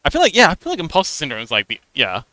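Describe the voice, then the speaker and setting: A man's voice: on the high side, huge pitch swings, very fast, pushed and bright, dry recording. A man livestreaming as an artist, chatting casually while he draws, rambling and self-deprecating, laughing often and muttering to himself as he works.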